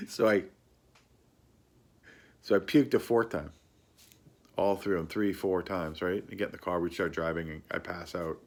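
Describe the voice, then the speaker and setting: A man's voice: low-pitched, measured pace, long pauses. A man casually telling a rambling personal anecdote, laughing often and swearing freely. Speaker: storyteller.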